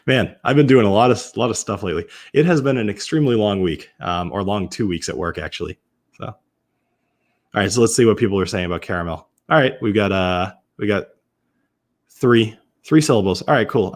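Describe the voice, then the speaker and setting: A man from Massachusetts, with a lowish voice and an animated, moderately paced delivery, runs a casual whiskey tasting on a live stream. He talks loosely, frequently backing up to restart or fix what he said while responding to viewers.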